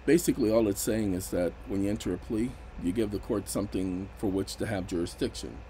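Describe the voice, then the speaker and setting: A man's voice: on the low side, fairly quick, warm tone, slight background noise, low-quality recording. A man giving casual, emphatic commentary on legal rights, raising his voice sharply when indignant.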